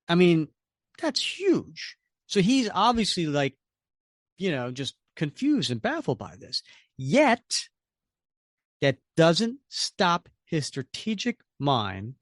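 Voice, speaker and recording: Enthusiastic guy hosting a comics podcast, super lively pitch, dry close sound. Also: no room sound. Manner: enthusiastic, animated. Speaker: podcast co-host. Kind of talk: comic book review chat.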